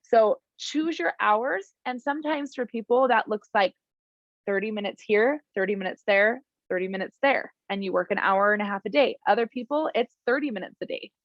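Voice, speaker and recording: A woman's voice: medium pitch, normal speed, no echo, dull audio. A young woman, giving a casual motivational talk to her team. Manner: warm, encouraging, emotional at times; chatty with many fillers. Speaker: team leader addressing her downline.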